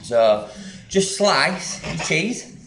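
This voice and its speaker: A man's voice: on the high side, sing-song, drawn-out words, background noise. Chatty man cooking in an echoey kitchen. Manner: chatty, rambling, enthusiastic about food. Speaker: home cook. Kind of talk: casual cooking vlog. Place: home kitchen.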